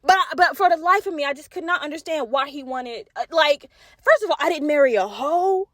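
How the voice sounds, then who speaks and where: High-voiced woman telling a profane story. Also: fast, no room sound, studio quality. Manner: animated, profane, acts out quoted voices. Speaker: podcast host. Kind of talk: solo podcast storytelling.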